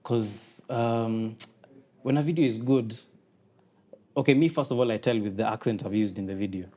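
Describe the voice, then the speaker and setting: Kenyan man, comedian guest; mellow, relaxed delivery, animated when quoting. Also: on the low side, normal speed. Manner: animated, acts out quotes in raised voices, mixes in Swahili. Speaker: podcast guest, comedian and content creator. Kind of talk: casual conversation.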